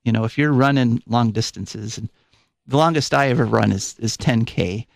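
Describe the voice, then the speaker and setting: Gravelly, chatty radio host man. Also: medium pitch, moderate pace, no room sound. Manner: chatty, rambling with fillers. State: a little out of breath. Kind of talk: live call-in radio show. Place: radio studio. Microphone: studio microphone.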